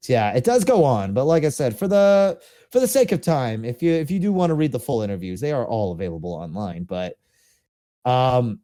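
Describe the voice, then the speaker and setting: A man's voice: mid-range voice, very animated, moderate pace, mellow. A man co-hosting a podcast, reading documents aloud and chatting about them, with laughs now and then. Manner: reads text aloud, then chats with frequent laughs. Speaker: podcast co-host. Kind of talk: casual reading and discussion.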